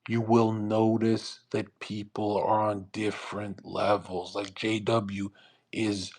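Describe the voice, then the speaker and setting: A man's voice: fairly low pitch, breathy edge. Male host, brash motivational lecturer on a live audio chat; profane and repetitive. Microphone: online audio call.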